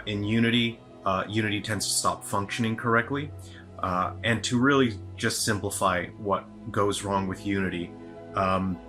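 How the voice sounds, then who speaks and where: Tired solo developer man, low voice. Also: pushed and bright. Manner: rambling, many fillers and restarts. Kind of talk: casual video update.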